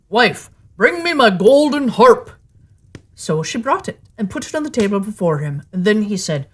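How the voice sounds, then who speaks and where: Woman storyteller, lively read-aloud fairy tale narration. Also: mid-range voice, breathy edge.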